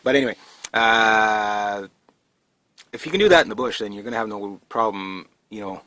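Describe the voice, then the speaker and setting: A man with a fairly low voice talks loosely to camera, rambling and down-to-earth, stopping and restarting his thoughts. The sound is dry and close, with no room echo. He sounds like he is recording in his trailer. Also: normal speed, sharp tone. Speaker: prepping vlogger. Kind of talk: casual talk to camera. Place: indoors in a trailer.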